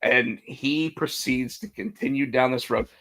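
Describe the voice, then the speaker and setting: A man's voice: mid-range voice, measured pace. A man co-hosting a casual wrestling podcast, telling the story with energy, acting out quotes and restarting his sentences often. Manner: animated storytelling, acts out quotes, many restarts. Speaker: podcast co-host.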